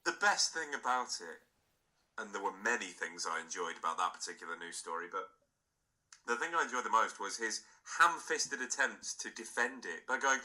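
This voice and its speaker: Sarcastic man, bright and lively. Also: fairly low pitch, moderate pace, poor audio. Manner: sarcastic, mocking, animated. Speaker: podcast co-host. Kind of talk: casual banter.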